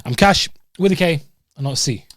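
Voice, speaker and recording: A man's voice: on the high side, lively intonation, a little fast, a bit bright, no echo, clean studio sound. A man from England co-hosting a podcast in casual chat, laid-back and explaining at length. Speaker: podcast co-host.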